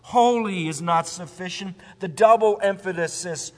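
A man preaching a sermon, emphatic, rising to loud cries and sinking to a low hush. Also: unhurried, few pauses, in a large hall.

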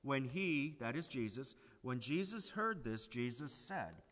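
A man preaching a sermon, swinging from loud pleading to hushed emphasis. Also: mid-range voice, expressive, measured pace, big-room sound.

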